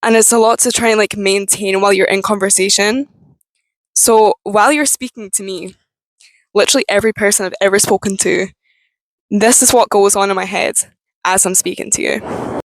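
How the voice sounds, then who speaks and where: A young woman with a strained, tense voice, talking candidly and with plenty of swearing to camera, with halting restarts. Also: mid-range voice, steady tone, no echo, low-quality recording. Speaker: vlogger. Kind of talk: candid personal talk to camera.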